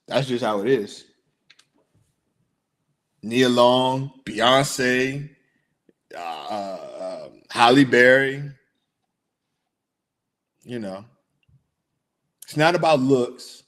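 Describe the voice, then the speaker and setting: A young man hosting a sports podcast, chatting in a rambling, animated way and answering his listeners. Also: medium pitch, very slow, long pauses. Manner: rambling, animated, talks to chat viewers. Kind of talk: casual chat.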